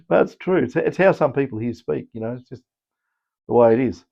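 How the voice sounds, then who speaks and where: A man's voice: medium pitch, moderate pace, creaky, warm tone, muffled recording. An Australian man explaining electronics repairs in a casual, rambling way, with many fillers and restarts. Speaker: electronics technician and channel host.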